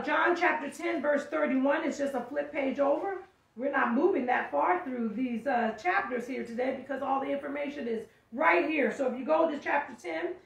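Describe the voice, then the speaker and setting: A woman with a high voice preaches a sermon, reading scripture aloud and breaking off to explain it. She often calls out with force. She is heard from a distance in a room with a lot of echo. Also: creaky. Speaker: teacher. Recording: echoey room, mic far off.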